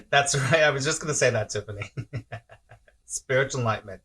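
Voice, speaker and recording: A man's voice: mid-range voice, normal speed, pauses often, pushed and bright, slightly rough. A man giving a casual spiritual talk on a live stream, reading viewer comments aloud, often chuckling and repeating himself. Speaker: spiritual teacher.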